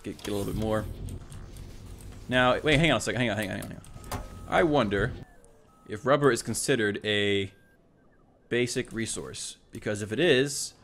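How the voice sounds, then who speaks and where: Low-voiced man commentating his gameplay. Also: moderate pace, a bit bright, slight background noise. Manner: thinks aloud, self-correcting, talks to the robots. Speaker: let's play host.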